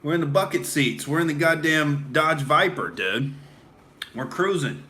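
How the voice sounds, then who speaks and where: Fairly high-pitched and sharp, this young man speaks at a measured pace while ranting as a bro character on a satirical podcast. He swaggers, swears, keeps saying "dude," and sounds pumped up like he's been drinking beer.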